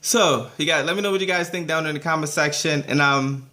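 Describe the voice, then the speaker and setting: A man's voice: fairly high pitch, fairly quick, bright, forceful tone. Giggly man rambling about a cartoon. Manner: laughs often, rambling with fillers and restarts. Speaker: TV episode reviewer. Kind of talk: casual video review.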